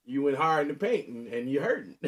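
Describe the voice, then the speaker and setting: A man's voice: medium pitch, sing-song, a little fast. A man in his thirties, a podcast co-host, telling a story in casual chat and laughing often, with a sore knee.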